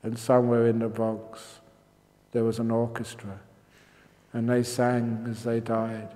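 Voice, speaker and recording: An older man giving a meditation talk at a retreat, an animated storyteller whose voice jumps high for quoted outbursts. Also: unhurried. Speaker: meditation teacher. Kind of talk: dharma talk with humorous stories. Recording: reverberant hall.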